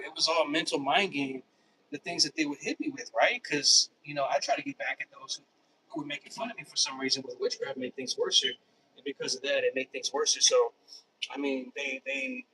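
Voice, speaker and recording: A man with a sharp, fairly high voice tells a personal story in a casual monologue, rambling and repeating himself and often restarting sentences. The mic is distant, with faint background noise.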